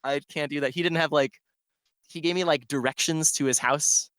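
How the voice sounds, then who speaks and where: A man's voice: on the high side, steady tone, moderate pace, a bit bright, smooth, dry recording, clean studio sound. A man who is a DJ, telling a long rambling story in casual podcast chat and filling it with "like". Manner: rambling storyteller, heavy "like" filler. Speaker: DJ guest.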